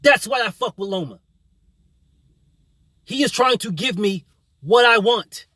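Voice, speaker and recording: A man's voice: high voice, animated, unhurried, pushed and bright, no echo. A man hosting his own boxing channel, delivering a combative, profane opinion rant full of repetition.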